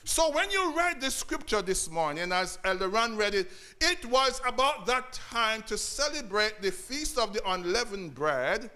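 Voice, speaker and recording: A man's voice: high voice, big pitch swings, measured pace, bright, forceful tone. A man preaching a sermon to his congregation, repeating key phrases and calling out to the church. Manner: preaching with repetition and call-outs to the congregation.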